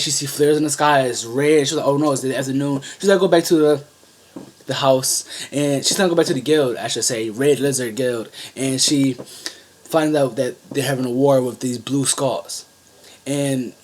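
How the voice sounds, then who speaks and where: A man in the middle range of pitch talks through an anime episode as an online reviewer. His recap is casual and loosely organized, full of restarts and side comments as he chats to his viewers. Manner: rambling, with frequent restarts and asides.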